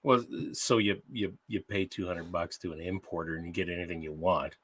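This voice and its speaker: Canadian man as podcast co-host, lower voice with a bright edge, lively delivery, quick wisecracks. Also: husky. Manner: joking, laughs often, quick wisecracks. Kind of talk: casual chat.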